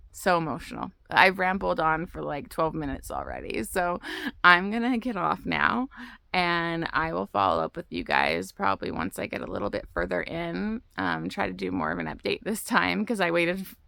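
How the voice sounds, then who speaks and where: Outdoors and tearful, a young book vlogger chats casually, rambling emotionally and frequently starting her sentences over. Her low-side voice is sing-song, creaky, and bright, with a forceful tone, at a moderate pace.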